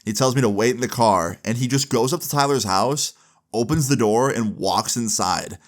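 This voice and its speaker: A man's voice: medium pitch, moderate pace. A young adult man casually narrating a personal story, full of "like" fillers and acting out quoted dialogue. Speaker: storytime vlogger.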